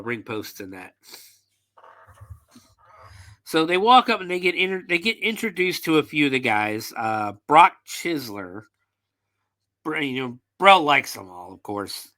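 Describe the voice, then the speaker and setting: A man's voice: mid-range voice, pushed and bright. A man hosting a podcast, recapping a film in casual, profane storytelling with loose fillers. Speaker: podcast host.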